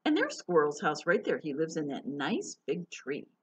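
A woman librarian reading a picture book aloud to children, animated and sing-song, stopping to ask them questions. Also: low-pitched, moderate pace, husky. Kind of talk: storytime read-aloud.

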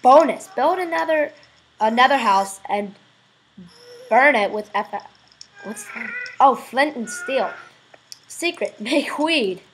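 A woman with a slightly high voice talks her way through a video game in slow, drawn-out commentary. She swears freely and bursts into loud exclamations when something surprises her. A faint hiss of noise sits under the recording. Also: animated, poor audio. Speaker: gameplay video host. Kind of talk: casual let's-play commentary.

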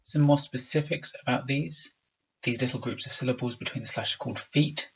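A man's voice: medium pitch, a little fast, gravelly, slightly rough, muffled recording. A man teaching a recorded remote lesson. He explains patiently and sounds out rhythms aloud to make his points.

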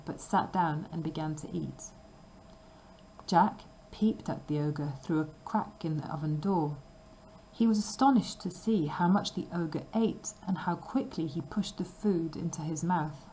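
A woman reads a fairy tale aloud for language learners, taking her time over every word with careful, clear pacing. Her voice sits fairly low, with a faint hum of noise behind it. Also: warm tone, low-quality recording. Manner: slow, careful and clearly paced. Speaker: storybook reader. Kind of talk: slow storybook reading for language learners.

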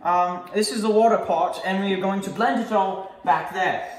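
A man hosting a parody cooking show, bossing his helper around and yelling insults between laughs. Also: high voice, moderate pace. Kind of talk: comic improvised cooking demo. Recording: roomy echoey room, faint noise.

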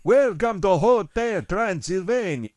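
A man voicing a theatrical cartoon vampire count through an app voice-changing filter, grand and drawn-out. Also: high voice, lively intonation, a little mellow, no echo, studio quality.

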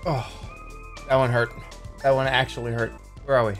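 A man's voice: medium pitch, level tone, moderate pace, soft background music. A man streaming, chatting casually and reading a text adventure aloud in a rambling, giggly, profane way.

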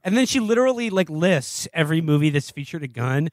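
A man's voice: on the high side, big pitch swings, quick pace, dry recording, clean studio sound. A man co-hosting a podcast, reviewing a film in rambling, sarcastic casual chat. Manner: rambling, sarcastic, acts out scenes in silly voices. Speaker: podcast co-host.

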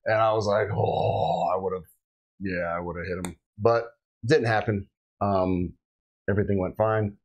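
Low-voiced man telling a vivid story. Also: moderate pace, dull audio. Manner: animated storyteller acting out quotes. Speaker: police officer recounting a shooting. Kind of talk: casual storytelling podcast chat.

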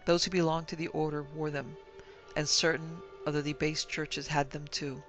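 A man giving measured, grave scripted narration of a horror story. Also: a little high, level tone, fairly bright tone, soft background music, rough recording.

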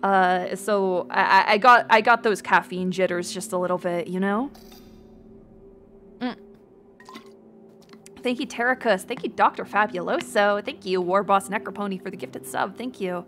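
A woman's voice: mid-range voice, normal speed, pauses often, fairly bright tone, slight background noise. A woman VTuber streamer chatting casually, reading chat and thanking viewers, rambling, swearing often and laughing a lot. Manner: reads out chat names and thanks.

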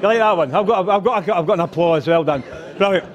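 In a lo-fi recording with crowd noise, a middle-aged Scottish stand-up comedian performs live in a rugby club function room, his high voice moving fairly quickly. He tells rowdy, boisterous stories laced with swearing and breaks into character voices.

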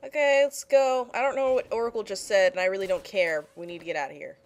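A woman's voice: fairly low pitch, animated, fast. A woman giving casual gameplay commentary, blunt and frustrated, swearing freely at the game.

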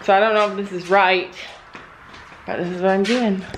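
A woman vlogger and horse owner talking casually to the camera. She rambles through her stories with many restarts and switches to a high sing-song voice when she speaks to her animals. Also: steady tone, normal speed, slight background noise, poor audio. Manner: rambling storytelling with frequent restarts. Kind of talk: casual chatty vlog.

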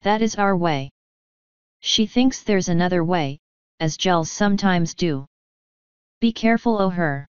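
A woman voicing an ancient fairy clan mother, slow and commanding. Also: lowish voice, lively intonation, clear, resonant tone, no echo, highs cut off. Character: ancient tiny Scottish-voiced fairy clan mother, stern.

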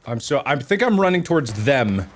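A man's voice: mid-range voice, very animated, a little fast, slight background noise. A man co-hosting a gaming podcast, chatting casually during play and crying out in frantic, panicky bursts. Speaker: gaming co-host. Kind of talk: casual gameplay chat.

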